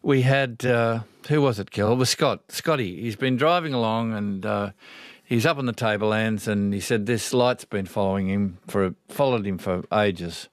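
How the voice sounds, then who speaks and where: A man's voice: on the low side, normal speed, hardly any pauses, dry recording. A man with an Australian accent hosting a morning radio show from a small studio, chatting in a rambling, easygoing way. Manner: chatty, rambling, warm-hearted asides. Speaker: radio host. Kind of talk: casual radio chat.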